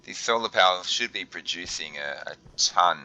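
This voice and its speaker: A deep-voiced young man talks his way through a game as he plays. His tone is bright and forceful. He keeps stumbling over his words and restarting his sentences. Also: lively intonation, moderate pace, low-quality recording. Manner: flustered, thinks aloud with many fillers and restarts. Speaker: gaming video host. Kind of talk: let's play commentary.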